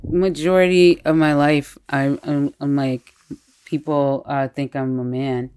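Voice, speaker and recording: A woman telling personal stories in a candid, animated way during a casual conversation. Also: sits low, unhurried, smooth.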